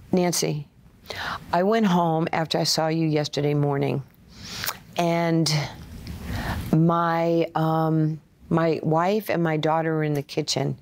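A woman tells stories in an interview, in a fairly low voice. She is an animated storyteller who acts out the voices of the people in her stories. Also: a little hiss or hum. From Brooklyn, New York. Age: 60s. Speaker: interview guest, former player and coach. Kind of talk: conversational storytelling.

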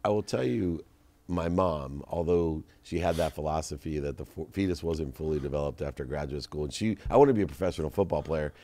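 A middle-aged man, a guest entrepreneur, telling stories in a casual podcast conversation and slowing down to stress advice. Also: very deep voice, dark tone. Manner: storytelling, slows down to stress advice.

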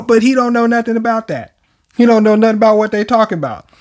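A man's voice: high-pitched, fast. A young man casually reacting to a manga chapter, slangy, profane and joking as he reads it out. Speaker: manga reviewer.

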